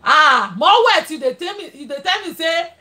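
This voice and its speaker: Nigerian woman host, very high and animated voice, chatty and laughing, greets live-stream viewers. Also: normal speed. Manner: chatty, laughs often, switches into pidgin. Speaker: livestream host. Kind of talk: casual live-stream chat.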